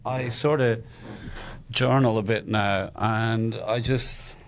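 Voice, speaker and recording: Male guest, low voice, very slow, soft-spoken and heartfelt. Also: steady tone, slight background noise. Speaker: podcast guest. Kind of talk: casual conversation.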